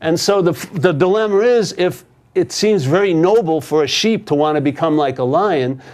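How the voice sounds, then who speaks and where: Animated, casual male storyteller. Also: a little high, moderate pace. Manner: casual, animated, tags with "yeah?". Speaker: spiritual teacher. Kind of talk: storytelling in a conversation.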